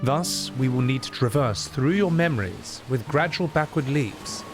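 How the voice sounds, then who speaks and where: A stern, no-nonsense woman doctor who speaks firmly and plainly, read by a man in his own voice. The voice is mid-pitched and steady. Game music plays behind. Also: moderate pace, natural voice. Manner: firm and matter-of-fact. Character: stern, businesslike female doctor. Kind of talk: voice acting a game playthrough.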